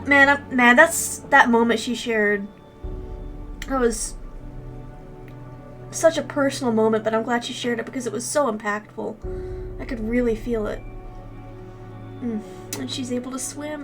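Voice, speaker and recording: A woman streamer chatting casually on a live stream, gushing and excitable as she reacts and thanks her chat. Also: a little high, a little slow, long pauses, over music.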